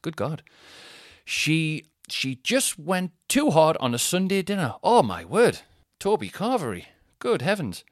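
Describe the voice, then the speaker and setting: A man's voice: mid-range voice, measured pace, no room sound. Chatty man, dry studio sound. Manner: chatty, self-deprecating, animated impressions. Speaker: podcast host. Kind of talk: casual comedic monologue.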